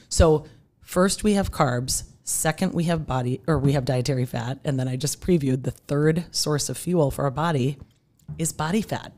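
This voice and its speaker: A middle-aged woman with a low, mellow voice appears as a guest in a podcast interview, explaining nutrition energetically. She slips into quoted voices to make her points.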